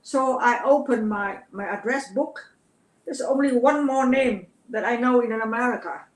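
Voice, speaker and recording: Older woman, Vietnamese accent, interview guest, earnest storytelling, repeats words, roomy echo. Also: fairly high pitch. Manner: earnest, halting, repeats words when moved. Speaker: guest, actress.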